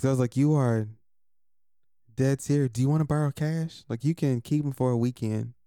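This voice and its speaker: Male co-host, mid-pitch voice, teasing with quick dry remarks, dry close sound. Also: warm tone, smooth, dry recording. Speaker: podcast co-host. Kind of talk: casual chat.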